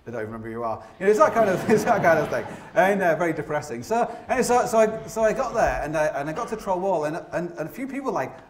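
A man's voice: high-pitched, sing-song, rapid-fire, hardly any pauses, noisy background. A man in his forties, a mountaineer giving a live storytelling talk on a theatre stage. He rambles and mocks himself, leaning on fillers and restarts. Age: 40s. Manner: rambling, self-deprecating, heavy with fillers. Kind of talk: live comic storytelling to an audience. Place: opera house stage. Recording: echoey theatre.

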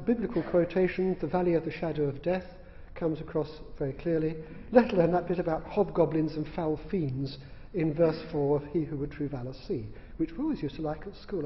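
A man lectures in a public hall, delivering his points with dry, humorous asides. His voice sits high for a man. The recording carries a long, echoing reverb and a dull, lo-fi tone. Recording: echoey hall, dull lo-fi sound.

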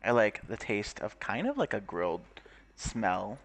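A man's voice: on the low side, big pitch swings, measured pace. A young man giving casual, crude commentary while playing a game, swearing, laughing and reading game text aloud. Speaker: gaming YouTuber.

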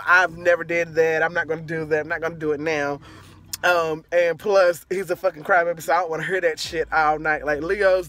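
Her pitch is fairly low and a touch bright as this young vlogger launches into a profane, meandering storytime rant. She keeps wandering off topic and circling back.

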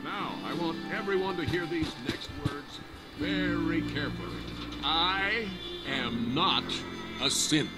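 An actor playing a male city mayor in a video game, declaiming a deliberate public speech. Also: a little high. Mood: orating. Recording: game music behind.

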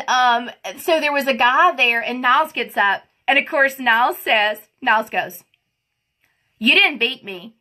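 A woman's voice: high-pitched, normal speed, bright, forceful tone. A woman chatting casually on a livestream, greeting viewers by name and giggling as she tells a story. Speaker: livestream host. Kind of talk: casual live chat while doing makeup.

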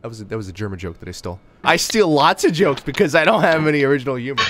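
A man's voice: medium pitch, lively intonation, racing, noisy background. A man streaming a game, giving sarcastic, self-mocking commentary full of swearing and banter with his chat. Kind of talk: live gameplay commentary.

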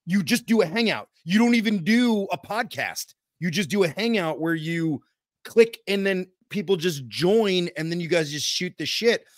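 Male podcast host, slightly high voice, excitable, profane rambling, dry close sound. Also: normal speed, no room sound. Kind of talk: casual podcast chat.

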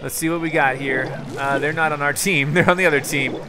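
A young man giving casual live commentary on his own gameplay, excitable and quick to break into loud frustration. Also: a little high, music in the background. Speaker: gaming YouTuber.

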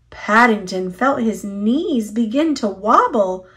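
A woman reading a children's picture book aloud in a slow, expressive storytelling voice. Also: fairly high pitch. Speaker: storybook reader. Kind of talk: children's read-aloud narration.

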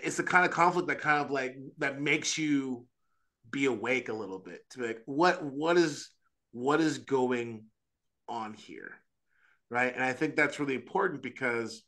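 A man speaking as an Orthodox priest on a podcast, earnest and animated, with frequent restarts and quick asides. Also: mid-range voice. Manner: earnest, animated, acts out quoted voices. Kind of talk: casual religious discussion.

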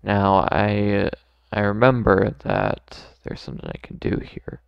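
Laid-back male gamer, low gravelly voice, dull dry mic, slow joking commentary. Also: very animated, no room sound. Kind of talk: let's play commentary.

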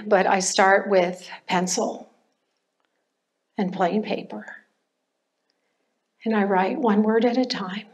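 An older woman giving a personal testimony at a church class, speaking in a slow, reflective way with pauses and restarts. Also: medium pitch. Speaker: church member sharing testimony.

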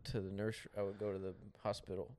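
A man co-hosting a comedy podcast, talking in a deadpan, rambling way about absurd made-up boasts. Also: deep voice, very fast, a little hiss or hum. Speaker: podcast co-host. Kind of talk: deadpan satirical comedy chat.

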